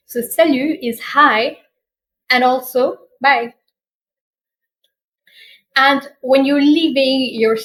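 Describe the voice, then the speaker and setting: A woman teaching basic French expressions, saying each phrase slowly and repeating it for learners. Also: sits high, poor audio. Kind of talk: slow language lesson with repeated phrases.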